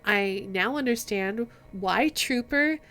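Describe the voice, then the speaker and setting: A woman's voice: mid-range voice, lively intonation, takes it slowly. Reflective woman streamer. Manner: reflective and soft-spoken, reading choices aloud. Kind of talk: casual game let's-play, reading dialogue aloud.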